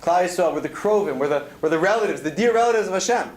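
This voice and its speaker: Earnest man, fairly high voice, storytelling Torah talk, roomy hall echo. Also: lively intonation, quick pace. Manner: earnest storytelling, weaving in Hebrew terms. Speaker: speaker at a student event. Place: event hall.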